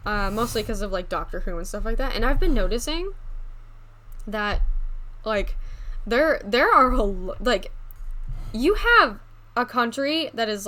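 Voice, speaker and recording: A woman streamer with a slight New England accent, chatting casually with her chat, rambling with lots of "like" and quick laughs. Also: medium pitch, pushed and bright.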